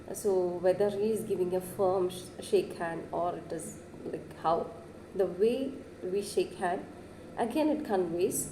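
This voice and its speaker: A woman giving a classroom lecture, who keeps saying "yes" and pushes her pitch up to stress words. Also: mellow, reverberant, slight background noise, rough recording.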